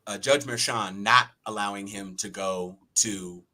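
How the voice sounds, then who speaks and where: A man's voice: lowish voice, unhurried, pushed and bright. A man co-hosting a casual political chat, wry and laughing as he acts out quotes. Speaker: podcast co-host.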